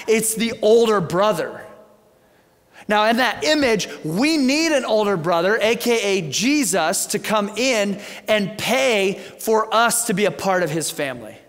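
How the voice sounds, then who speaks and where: A male pastor preaching in a church sanctuary, telling a story with lively swings in his voice and casual asides to his listeners. His fairly high voice carries a long church reverb. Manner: animated storytelling, conversational asides. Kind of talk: sermon.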